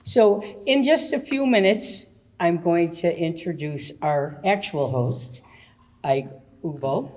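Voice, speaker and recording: A woman's voice: fairly low pitch, lively intonation, slow, darkish tone. A woman emceeing an event, talking to an audience in a playful, teasing way and laughing as she speaks. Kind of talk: public speech at an event.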